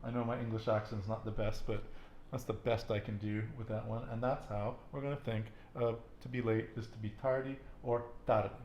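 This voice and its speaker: A man's voice: lowish voice, steady tone, brisk, darkish tone, roomy sound, muffled recording, slight background noise. A man teaching a casual language lesson, patiently asking questions and repeating his student's answers with encouragement. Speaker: Spanish teacher.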